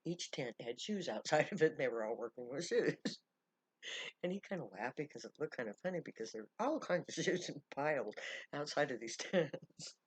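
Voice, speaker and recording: A woman's voice: deep voice, expressive, normal speed, husky, dry recording. A middle-aged woman telling a story in a casual way and laughing often as she goes. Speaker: camp leader.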